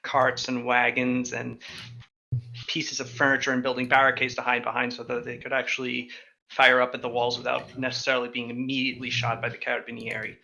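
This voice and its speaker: A young man with a bright, clear voice runs a tabletop game as game master. He describes each scene slowly and leans on a lot of ums and uhs. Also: medium pitch, monotone, poor audio.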